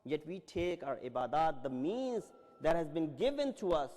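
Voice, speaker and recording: Male preacher, high voice with wide swings, dramatic storyteller, big reverberant hall. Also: animated, normal speed, a little mellow. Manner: dramatic storytelling, acting out quoted dialogue. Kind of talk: religious lecture. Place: large Islamic center hall. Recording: long reverb in a large hall.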